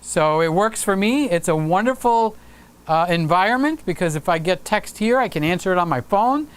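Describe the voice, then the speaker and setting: A man's voice: sits high, lively intonation, normal speed, smooth. Upbeat chatty man hosting a livestream. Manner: upbeat and chatty, with frequent fillers. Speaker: livestream host. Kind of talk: casual livestream chat reading viewer comments.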